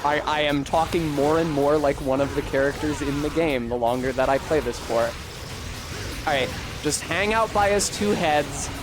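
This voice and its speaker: A man's voice: on the high side, normal speed. A streamer talking through a boss fight, swearing and grumbling at the game as he plays. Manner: swears often, frustrated outbursts at the boss. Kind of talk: casual gameplay commentary. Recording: game music behind the voice.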